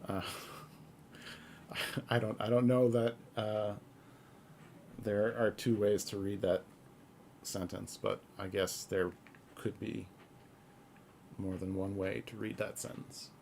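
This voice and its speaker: A man hosting a live-coding stream, talking in a halting, earnest, soft-spoken way with a gravelly voice. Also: lowish voice, little pitch movement, slight background noise. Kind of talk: casual live-stream talk.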